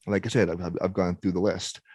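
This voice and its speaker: A man's voice: low voice, flat delivery, quick pace, a little mellow, dry recording, clean studio sound. A man in his thirties hosting a tech podcast, talking casually with many restarts and fillers. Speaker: podcast host. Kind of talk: casual conversation.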